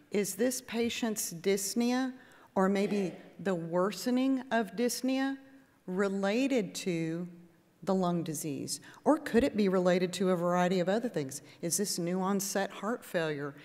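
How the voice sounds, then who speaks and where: A woman nurse practitioner giving a lively, conversational lecture to a patient audience and acting out exchanges with patients. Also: medium pitch, a little slow. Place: conference hall with audience. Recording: echoey hall.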